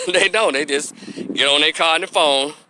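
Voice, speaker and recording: A man's voice: on the high side, moderate pace, bright, forceful tone, a little hiss or hum. A man from gives blunt, preachy opinion commentary, folksy and salty-mouthed. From Memphis, Tennessee, US. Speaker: opinion vlogger, social worker.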